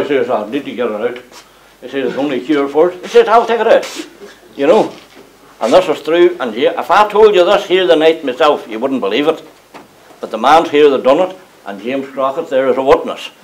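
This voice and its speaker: An older Northern Irish man with a slightly raised pitch, telling comic stories at a community gathering. He chuckles through his anecdotes, and a faint hiss sits under his voice. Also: rough recording. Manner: humorous, chuckling as he tells yarns. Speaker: local speaker recalling mill days. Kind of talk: anecdotal storytelling to an audience. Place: community gathering before a live audience.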